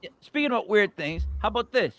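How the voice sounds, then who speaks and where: On a casual podcast, this male co-host tells lively stories and voices the quotes himself. His voice sits high, his pace is quick, and there's slight background noise.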